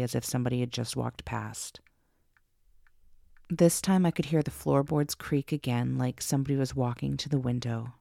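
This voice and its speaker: A woman narrating a first-person ghost story for her podcast, slow and suspenseful. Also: very deep voice, gravelly, a little mellow, dry recording, clean studio sound.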